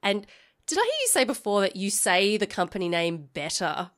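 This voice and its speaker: A woman's voice: mid-range voice, huge pitch swings, moderate pace, fairly bright tone. A woman hosting a podcast interview, asking questions eagerly and enthusiastically. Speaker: podcast host. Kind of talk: conversational interview.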